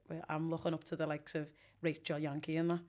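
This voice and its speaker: A woman's voice: low voice, flat delivery, fast talker, darkish tone. A woman in her forties with a Scouse accent, chatting casually as an interview guest, rambling with ums and restarts. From Liverpool, England.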